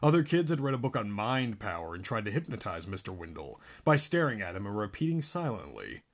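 A man reading a book aloud in an animated way, often laughing between lines. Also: lowish voice, a little fast. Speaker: reader.

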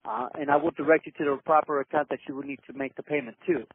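A man's voice: fairly high pitch, fairly even intonation, fast talker, vocal fry, slightly rough. A man working as a scam caller, polite and hesitant, often holding back laughter. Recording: tinny phone line.

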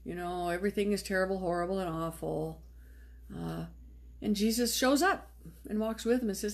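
A woman preaching in a church, talking to the congregation in a relaxed, conversational way. She tells the story casually, like plain everyday speech, at a middle pitch. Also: brisk. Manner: conversational, retells story with lively voiced quotes. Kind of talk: sermon.

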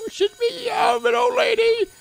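Man doing a shrill falsetto old lady. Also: monotone, normal speed, creaky, full character voice. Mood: flustered. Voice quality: shrill high falsetto, quavering and shouty. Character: flustered frail old lady shopkeeper.

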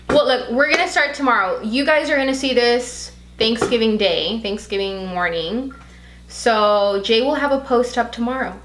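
A woman co-hosting a podcast in a casual chat, talking freely with lots of "like", emotional and quick to tear up. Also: a little high, a bit bright, roomy sound, poor audio. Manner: chatty, heavy use of "like"; emotional, easily tearful. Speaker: podcast co-host.

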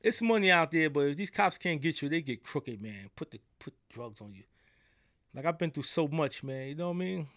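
A man's voice: on the high side, lively intonation, brisk, fairly bright tone, no echo, studio quality. A middle-aged man from New York with a New York accent, a podcast guest telling stories in a casual, streetwise way and often asking "you know what I'm saying". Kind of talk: casual storytelling. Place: podcast studio.

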